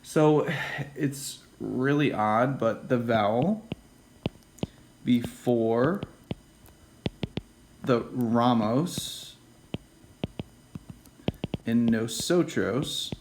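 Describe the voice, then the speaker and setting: A man giving a casual classroom lecture, often checking in with "okay?" and "right?" and dropping into quiet whispered asides. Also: mid-range voice, very slow, pauses often, background noise. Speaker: teacher.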